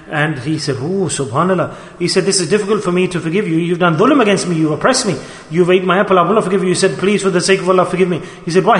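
A male preacher, telling a moral story in a sermon with urgent, repeated questions. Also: high voice. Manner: urgent, questioning, repeats phrases, rapid bursts. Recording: echoey hall reverb.

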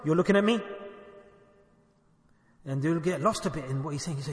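A man's voice: fairly high pitch, brisk, long pauses, roomy sound, long reverb tail. A man giving a sermon as a spiritual teacher, asking the listeners questions and acting out little dialogues. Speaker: sufi shaykh preacher.

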